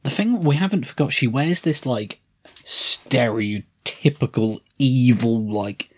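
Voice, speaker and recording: A man's voice: medium pitch, slow, slightly rough. A man co-hosting a casual film review chat, dropping wry jokey asides. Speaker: podcast co-host.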